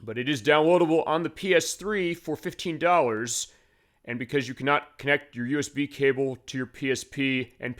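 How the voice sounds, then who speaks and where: A man's voice: mid-range voice, a bit bright. A man hosting a retro game show, explaining in a rambling voice-over full of fillers. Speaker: game stream host.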